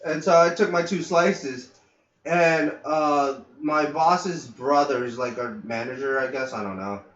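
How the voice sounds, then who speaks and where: A man hosting a casual podcast tells work stories in a slightly high, slightly slow voice, swearing and animatedly acting out the people he quotes, loudly and with laughs. The audio is echoey and dull, with a lo-fi quality.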